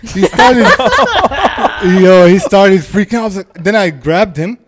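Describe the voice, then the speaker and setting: A man telling a story in casual podcast chat, animated and laughing, acting out voices. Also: high-pitched, a little fast, very noisy.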